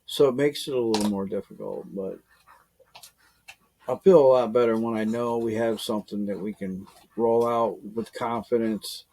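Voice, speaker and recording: A man's voice: lowish voice, steady tone, normal speed, mellow. A man in a casual online team meeting who rambles through his thoughts with plenty of fillers. He chuckles often, and his voice comes through a voice-chat microphone.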